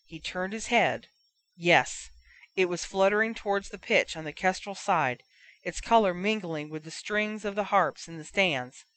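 A woman narrating a fan fiction audiobook in a steady storytelling manner. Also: on the low side, measured pace.

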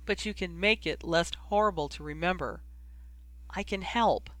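Man doing a tearful young witch, pleading and choked, bright tense voice, dry close sound. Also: sits high, normal speed, no echo.

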